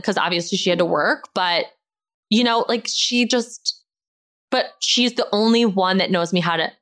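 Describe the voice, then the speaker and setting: A young woman hosting a podcast, rambling in casual chat full of "like" and swearing. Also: fairly low pitch. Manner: rambling, animated, swears a lot, says "like" constantly. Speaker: podcast host. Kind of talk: casual reality TV recap chat.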